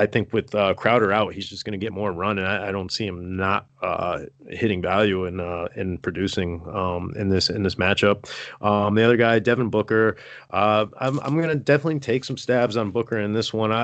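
A man giving fantasy basketball picks in casual, halting speech full of ums and uhs. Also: lowish voice, dry recording.

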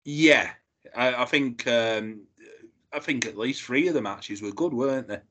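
A man co-hosting a podcast, jokey and halting, often restarting his sentences. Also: mid-range voice, a bit bright. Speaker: podcast co-host. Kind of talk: casual review chat.

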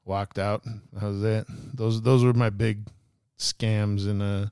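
A man's voice: fairly low pitch, little pitch movement, slow, a little mellow, smooth, no echo, clean studio sound. A young man on a podcast telling a story in casual chat, acting out the people he quotes. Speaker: podcast guest.

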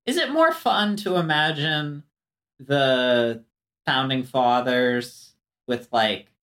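Podcast co-host, casual chat, meandering storyteller, mid-pitched voice. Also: lively intonation, slow pace, fairly bright tone.

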